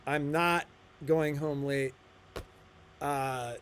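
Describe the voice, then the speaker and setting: A man's voice: on the high side, drawn-out words, crowd noise. A middle-aged man co-hosting a shop livestream, telling stories in casual chat and acting out the dialogue. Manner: animated storyteller, acts out quoted dialogue. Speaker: shop co-owner and livestream host.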